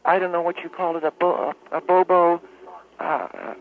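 A man voicing a pompous, self-important homeowners association president who talks in a halting monotone full of uhs, heard over a phone line. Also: fairly high pitch, vocal fry, pitched above the performer's own voice. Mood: smug. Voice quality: monotone droning. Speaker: caller.

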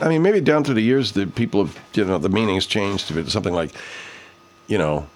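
A man casually commenting while watching football highlights, grumbling and cursing at the plays. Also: animated, a little fast, a little hiss or hum. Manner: profane, grumbling, reacts loudly to plays.

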